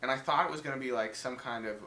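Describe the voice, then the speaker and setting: A man with a bright, forward voice retells horror movies in loose, swear-filled chat, building each story with animated energy. He sounds like he is in an echoey room, with a faint hiss underneath. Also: medium pitch, racing. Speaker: podcast co-host.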